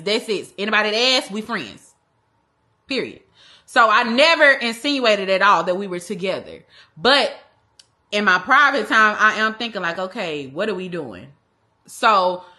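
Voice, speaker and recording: A young woman telling a personal story in a casual, animated way, using slang and acting out the other people. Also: medium pitch. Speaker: vlogger. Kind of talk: storytime vlog.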